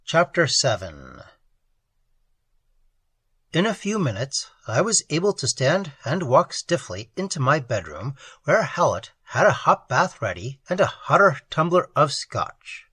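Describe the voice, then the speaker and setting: Casting: expressive story narrator, breathy, dry close sound. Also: a little slow, dry recording. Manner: expressive reading with sweeping pitch swings. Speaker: audiobook narrator. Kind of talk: dramatic audiobook narration.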